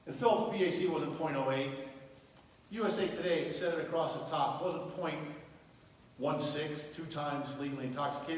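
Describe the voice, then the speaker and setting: A man's voice: a little high, brisk. Earnest middle-aged man in an echoey hall. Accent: Southern US. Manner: earnest, emotional storytelling. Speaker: guest speaker. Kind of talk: public speech to a school audience. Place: large hall. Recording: echoey hall from far off, faint noise.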